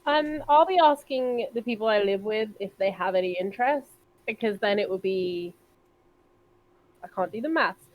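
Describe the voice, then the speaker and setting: A woman's voice: medium pitch, normal speed, slight background noise. A woman co-hosting a podcast in casual chat, easygoing and plainspoken. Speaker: podcast co-host. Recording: dull lo-fi mic.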